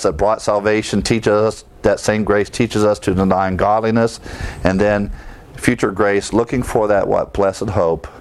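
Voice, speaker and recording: A male preacher teaching through Bible verses, explaining them and asking his listeners rhetorical questions. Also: lowish voice. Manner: explains verse by verse, often pausing to restart.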